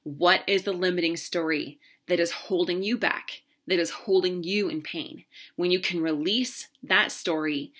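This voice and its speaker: Bright-voiced earnest woman coach. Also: fairly low pitch, fairly even intonation, measured pace. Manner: earnest, heartfelt storytelling. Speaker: relationship coach. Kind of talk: personal story talk to camera.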